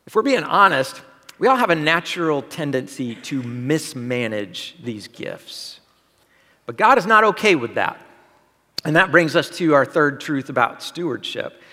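A man's voice: on the high side, expressive, unhurried, sharp tone. Man preaching in a reverberant hall. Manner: conversational preaching with rhetorical questions. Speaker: pastor. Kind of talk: sermon.

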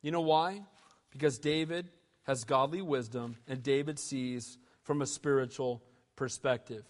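A man preaching a sermon as pastor, emphatic and animated, calling out "amen?" to the congregation. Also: medium pitch, unhurried, long reverb tail. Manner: emphatic preaching, rising to loud bursts, asking "amen?".

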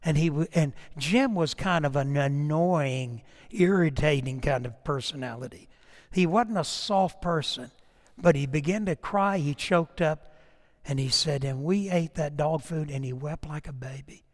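A middle-aged man preaching a sermon with passion, swinging from loud declarations to hushed storytelling and repeating words as he goes. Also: fairly high pitch, unhurried, big-room sound. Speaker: pastor.

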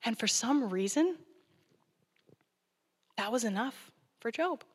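A woman's voice: on the high side, lively intonation, takes it slowly, breathy edge. Woman preaching in a reverberant hall. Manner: conversational, acts out scripture dialogue. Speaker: guest preacher. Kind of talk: sermon.

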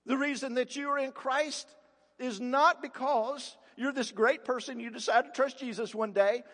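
A man's voice: very high voice, moderate pace, fairly bright tone. A man preaching a sermon as pastor, emphatic, firing rhetorical questions and repeating words for force. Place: church sanctuary. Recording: long reverb of a large church hall.

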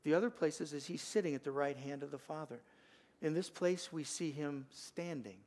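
An older man preaching a sermon as pastor, earnest, swinging from loud emphasis to a hushed, gentle invitation. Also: a little high, moderate pace. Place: church sanctuary.

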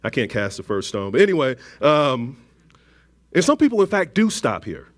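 A man preaching a conversational sermon, with frequent restarts, asides and gentle jokes to the congregation. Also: mid-range voice, big pitch swings, normal speed.

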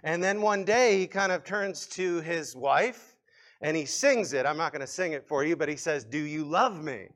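A man's voice: fairly high pitch, normal speed, a bit bright. A man preaching a sermon in an earnest, fervent way, with many fillers and restarts. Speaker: pastor.

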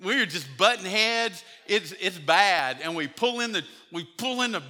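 A man's voice: high voice, animated, normal speed, sharp tone. A man, preaching a sermon to his church in a conversational storytelling way and acting out the voices of people he quotes. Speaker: pastor. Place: church sanctuary. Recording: church hall reverb.

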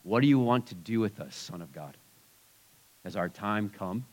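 A man's voice: expressive, normal speed, a little mellow, poor audio. A man voicing a growling, possessed wild man during a sermon. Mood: menacing. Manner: low, growling menace.

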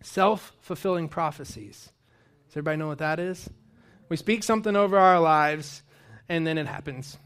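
A young man preaching in a relaxed, conversational way. His voice sits a little higher than most men's. He tells personal stories and lifts his voice when he presses a point. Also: moderate pace, smooth. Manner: conversational, storytelling, rising with emphasis. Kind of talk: casual sermon.

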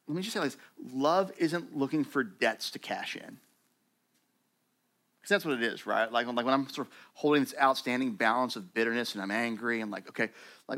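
A man preaching a sermon to his church in a conversational, animated way, acting out quoted voices. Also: medium pitch. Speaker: pastor.

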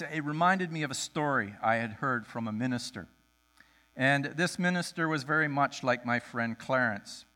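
A male pastor giving a sermon, telling a story with lively storytelling and acting out the voices of the people in it. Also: fairly high pitch.

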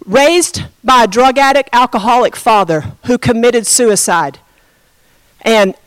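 A woman pastor telling a story in a sermon, expressive and conversational, addressing her congregation. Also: on the high side, no echo.

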